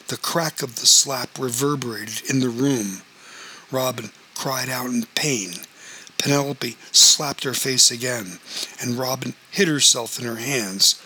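A man narrating an audiobook in an even, plain way. His voice is bright and crisp, and a faint hiss sits under the recording. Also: mid-range voice, low-quality recording. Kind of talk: audiobook story reading.

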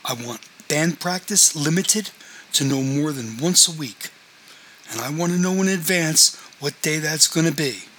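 A man's voice: fairly high pitch, expressive, unhurried, fairly bright tone, slight background noise, voice pushed up, poor audio. A man reading a novel aloud, voicing a confrontational man who lays down rules for his housemates in a firm, demanding way.

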